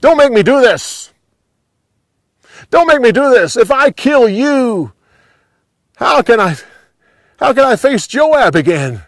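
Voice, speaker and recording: A man's voice: a little high, lively intonation, fast talker, few pauses, darkish tone, no room sound, studio quality. A man voicing a seasoned male warrior who calls out urgently, pleading to stop the fight. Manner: raised, urgent calling out.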